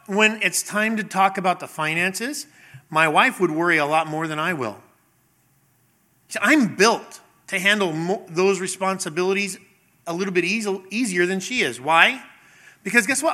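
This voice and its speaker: Putting questions to his congregation and acting out small scenes, this middle-aged man delivers a conversational sermon as a pastor. He speaks in a high voice with a bright, forceful tone.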